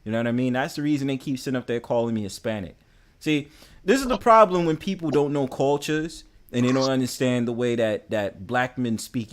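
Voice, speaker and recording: A man with a New York accent hosts a casual livestream panel, teasing and bantering and repeating "you know what I'm saying." His voice sits at medium pitch and moves briskly.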